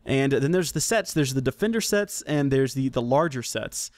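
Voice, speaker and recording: A man talks through his podcast in a loose, rambling way, often correcting himself and cracking jokes. His voice sits at an ordinary middle pitch. The sound is close and dry, with no room around it. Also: lively intonation, normal speed, darkish tone, dry recording. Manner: rambling, self-correcting, joking. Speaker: podcast host. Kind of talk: casual solo podcast commentary.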